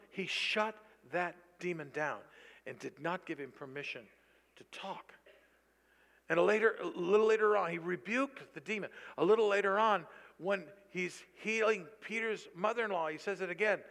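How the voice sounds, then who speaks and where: A tired male pastor preaching a sermon, animated and breaking into loud bursts when he quotes. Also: high voice, moderate pace. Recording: long reverb of a large hall.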